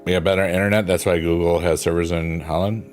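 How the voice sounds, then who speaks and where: A man with a very low, deep voice rambles in a loose, playful way, chatting to his audience. Faint piano music plays behind him. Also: fairly even intonation, fast. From New York, US. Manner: meandering, playful, talks to chat. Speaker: streamer. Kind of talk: casual rambling chat.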